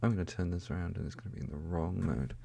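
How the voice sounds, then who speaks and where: A man's voice: low voice, very fast, vocal fry, mellow, slightly rough. A man doing whispered ASMR outtakes on a close microphone, self-deprecating and giggly, slipping between whispers and normal speech. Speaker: ASMR storyteller.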